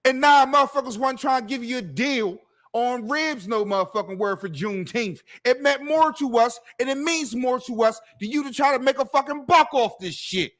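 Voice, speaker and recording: A man's voice: very high-pitched, normal speed, fairly bright tone. Heated, profane man ranting. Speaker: podcast co-host. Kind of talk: casual podcast chat.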